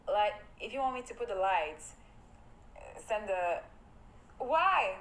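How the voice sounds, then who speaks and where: A young woman livestreaming from her home, talking to her viewers in a jumpy, excitable way and pleading with them and her dog. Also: medium pitch, takes it slowly, long pauses, poor audio. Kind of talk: casual livestream chat. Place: home at night.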